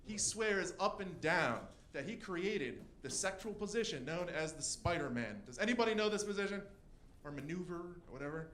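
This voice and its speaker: A young man doing a stand-up comedy set, telling a story with quick voice switches for the people in it. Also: sits high, animated, fairly bright tone, a little hiss or hum. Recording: echoey room.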